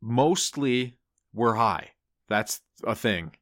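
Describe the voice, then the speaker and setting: A man playing a tabletop game, joking and swearing in excitable casual chat. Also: mid-range voice, extremely slow, no echo, studio quality. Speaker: player.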